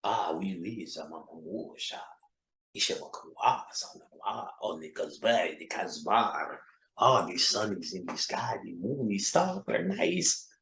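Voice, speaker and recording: A man putting on a hushed fake-French lover. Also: lowish voice, very animated, unhurried, few pauses, reverberant, full character voice. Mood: crooning. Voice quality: hushed, breathy crooning. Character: smooth-talking fake-French male seducer.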